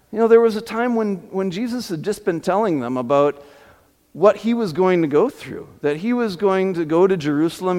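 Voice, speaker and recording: Preaching in a voice that sits high and a little mellow, a pastor tells stories peppered with fillers and false starts. Long reverb from the hall hangs over the recording.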